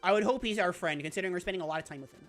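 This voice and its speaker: A woman streaming a video game, chatting casually with her viewers, laughing often and squealing when things get exciting. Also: lowish voice, rapid-fire, faint music behind. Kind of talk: casual live-stream commentary.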